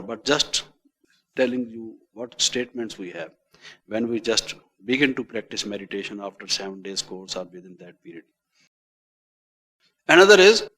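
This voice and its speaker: A man with an Indian English accent giving a spiritual lecture on meditation, stressing phrases and letting them fall away quietly. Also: medium pitch. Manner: repetitive, emphatic, often trailing off quietly at phrase ends. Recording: long hall reverb.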